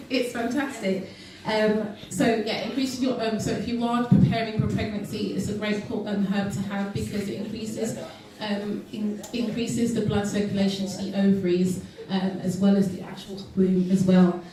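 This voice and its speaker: A woman's voice: mid-range voice, little pitch movement, normal speed, hardly any pauses, a crowd in the background. A woman giving a health talk to an audience at an event, earnest and full of ums and restarts. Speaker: guest speaker. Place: event hall. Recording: echoey hall recorded from far off.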